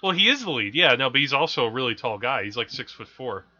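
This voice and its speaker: Chatty man with a bright, lively voice. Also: mid-range voice, fast, dull audio. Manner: rambling, self-correcting, laughs at his own stories. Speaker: film podcast co-host. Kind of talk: casual chat about films.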